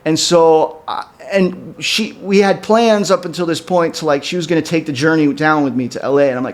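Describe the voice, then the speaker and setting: Guy on a podcast rambling through a wild story, swears a lot, kinda high voice. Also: a little fast, hardly any pauses. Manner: rambling, profane, many fillers; animated, jumps up in pitch when quoting people. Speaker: podcast co-host. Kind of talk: casual storytelling chat.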